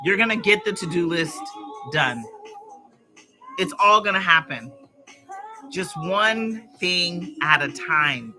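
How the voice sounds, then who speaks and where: Woman host, casual live-stream pep talk, very bright sharp tone, lively swings in pitch, faint music underneath. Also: takes it slowly, long pauses. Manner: chatty and encouraging, talks straight to viewers. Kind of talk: casual motivational chat while arranging flowers.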